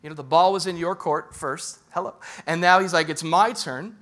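A man preaching a sermon in an animated, humorous and emphatic way. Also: a little high, a little fast. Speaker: pastor.

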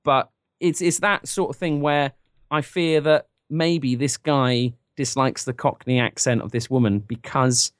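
A man's voice: medium pitch, steady tone, a little slow, dry recording. An English man co-hosting a podcast, chatting casually with dry, ironic humor. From England. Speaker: podcast co-host.

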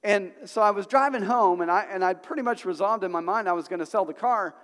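High-voiced preacher man in a reverberant hall. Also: quick pace. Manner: animated storytelling preacher, conversational with bursts of emphasis. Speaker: pastor. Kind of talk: sermon. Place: church sanctuary. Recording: long church hall reverb.

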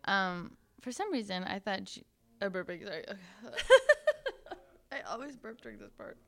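A woman's voice: medium pitch, huge pitch swings, a little slow, fairly bright tone. A woman hosting a podcast in casual chat, reading listener stories aloud with frequent giggles and frank, crude humor. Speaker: podcast host.

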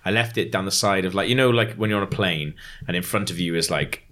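A man's voice: low-pitched, quick pace. A man, co-hosting a podcast, chatting casually and acting out anecdotes. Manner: animated storyteller, acts out voices. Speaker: podcast co-host. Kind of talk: casual chat.

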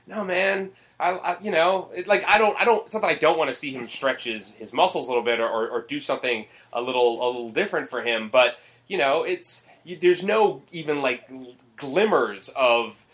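A man's voice: mid-range voice, expressive, a little fast, fairly bright tone. A man hosting a casual movie podcast, rambling and swearing, with lots of fillers. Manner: rambling, profane, full of fillers. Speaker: podcast host.

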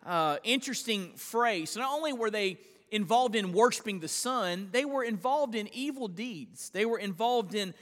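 Bright high-voiced man preaching. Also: expressive, normal speed, in a large hall. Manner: earnest preaching with repeated restarts, reading scripture aloud. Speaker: pastor. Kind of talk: expository sermon.

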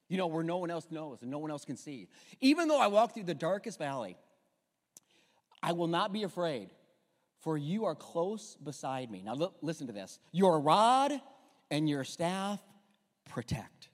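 Male pastor, bright high voice, animated, casual and joking between scripture, church hall reverb. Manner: jokey, conversational preaching with asides. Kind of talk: sermon. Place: church sanctuary.

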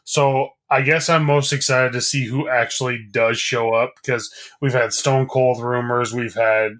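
A man's voice: mid-range voice, fairly even intonation, unhurried, a bit bright. Laid-back man joking around. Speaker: podcast co-host. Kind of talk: casual chat.

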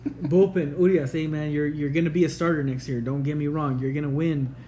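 A man's voice: on the high side, fairly even intonation, a little fast, mellow, a little hiss or hum, rough recording. A man co-hosting a casual sports chat, laid-back and profane, tacking "man" and "dude" onto his lines. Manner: laid-back, swears often, says "man" and "dude" a lot.

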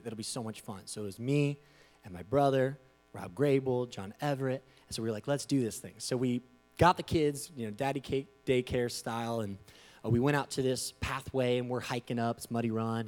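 A man preaching, telling a personal story in a loose, conversational way with frequent asides, swinging from quiet to loud as he acts out what people said. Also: mid-range voice, a little fast, faint music behind. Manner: animated, conversational, with frequent "you know" asides. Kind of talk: storytelling sermon.

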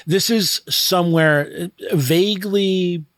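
A man's voice: high voice, slow pace, no room sound, studio quality. A man co-hosting a podcast in casual chat, making wry comments with many fillers and restarts. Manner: wry, lots of hesitation fillers, lively commentary. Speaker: podcast co-host.

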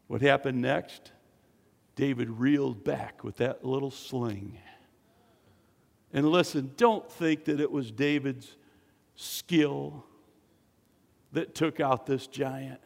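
A man preaching a sermon, building to loud, fervent peaks and joking between points. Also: mid-range voice, slow pace, gravelly, long pauses, in a large hall. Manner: preaching with dramatic swells, jokes and acted quotes.

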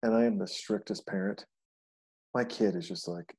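A man, probably a podcast host, chatting casually and telling animated stories, often acting out the voices of people he quotes. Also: on the low side, moderate pace, breathy edge. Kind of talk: casual conversation.

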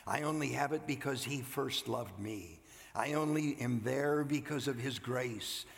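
An older man preaching a sermon, earnest, rising loud and then dropping to a hush. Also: medium pitch, measured pace, gravelly, in a large hall. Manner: earnest, swings from loud to hushed. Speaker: pastor. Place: church sanctuary.

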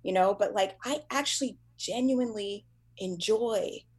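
A woman comedian talking casually in an animated, self-deprecating way, laughing often. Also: mid-range voice, unhurried, breathy edge. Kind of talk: casual conversation.

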